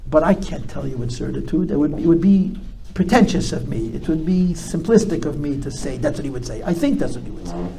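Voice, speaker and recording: Male rabbi fielding audience questions, gravelly, slightly high, builds to emphatic peaks. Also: animated, a little fast, hardly any pauses, warm tone, a little hiss or hum. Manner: reflective, rising to emphatic bursts. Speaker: rabbi giving a talk. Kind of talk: live talk answering audience questions. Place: talk before a live audience.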